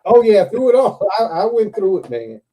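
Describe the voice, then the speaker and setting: A man's voice: high-pitched, big pitch swings, moderate pace, dark tone. A man hosting a live stream, telling a story in a casual chat, laughing often and swearing freely.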